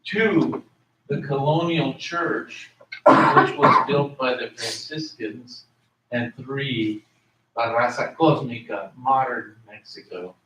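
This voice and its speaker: A man lecturing in a room with a lingering echo, his voice picked up from across the space. He speaks slowly and a touch high, going over each term again and spelling words out for the class. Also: pushed and bright, a little hiss or hum. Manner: explanatory, repeats and spells out terms. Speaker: history lecturer. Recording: echoey room, voice from a distance.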